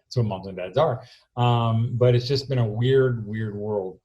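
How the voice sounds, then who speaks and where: A middle-aged man telling a story in a keynote talk, recorded alone in his barn, acting out his own quotes loudly. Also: mid-range voice, normal speed. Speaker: homeschool speaker. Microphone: self-recorded camera.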